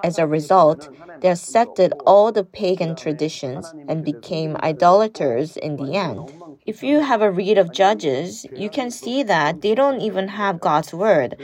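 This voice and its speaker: A woman's voice: lowish voice, animated, a little slow, a little mellow. A woman preaching an earnest sermon who puts questions to her listeners.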